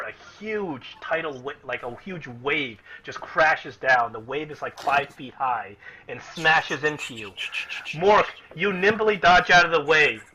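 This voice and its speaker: A man with a high, bright voice and a forceful tone acts as game master in an online tabletop game. He narrates and explains casually, full of fillers and restarts, over muffled lo-fi audio.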